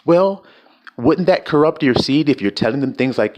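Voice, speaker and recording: A man's voice: medium pitch, expressive, normal speed, darkish tone. A man preaching an informal sermon, blunt and profane, firing rhetorical questions at his listeners.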